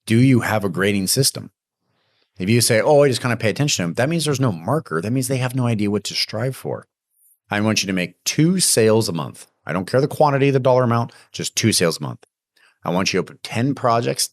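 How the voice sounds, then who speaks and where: A very deep-voiced man talks straight to his listeners like a coach. He is emphatic and hands out practical business advice. The sound is dry and close, with no room echo. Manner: emphatic, coaching, acts out sales pitches. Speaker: podcast host. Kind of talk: casual business advice monologue.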